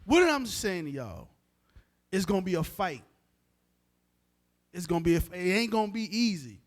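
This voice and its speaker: A man gives a casual, emphatic street-style sermon straight to his listeners, his high voice taking on a sing-song quality at a normal speed.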